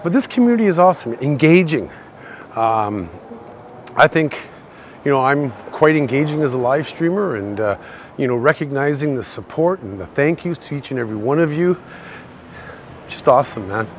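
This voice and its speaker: Walking outdoors down a city shopping street, a Canadian man with a Canadian accent live-streams a tour, slightly tipsy, chatty and rambling toward his chat viewers. He talks at normal speed in a medium-pitched, sing-song voice, with a little hiss or hum.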